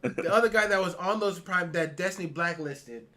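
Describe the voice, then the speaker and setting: A man's voice: high-pitched, moderate pace, sharp tone. A man co-hosting a casual podcast, swearing constantly and laughing mid-sentence as he rants. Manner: swears constantly, ranty, rises sharply when worked up, laughs mid-sentence. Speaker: podcast co-host. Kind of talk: casual profane chat.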